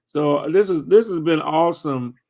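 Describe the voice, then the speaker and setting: A man hosting a live video chat, reading out viewer questions and greeting viewers by name in a halting, friendly way. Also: a little high, a little mellow. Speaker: host. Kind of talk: casual livestream chat.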